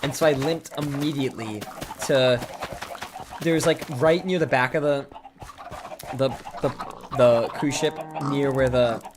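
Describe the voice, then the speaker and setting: A man's voice: medium pitch, measured pace, pauses often. A man streaming, telling a long rambling story while he plays, full of "like" fillers and restarts. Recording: noisy home stream mic with clicks.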